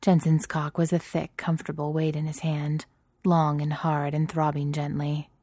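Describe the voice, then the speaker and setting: A woman reading erotic fiction aloud in a soft, intimate, steady manner, slipping into breathy whispers at times. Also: sits low, normal speed, dry recording, studio quality. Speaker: narrator.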